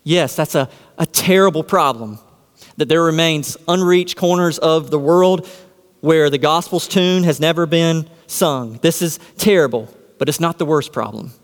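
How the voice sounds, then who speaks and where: A pastor preaches a sermon in a large hall, his fairly high voice ringing through its long reverb. Unhurried, he keeps firing rhetorical questions at the congregation, answers them himself and leans hard on his key points.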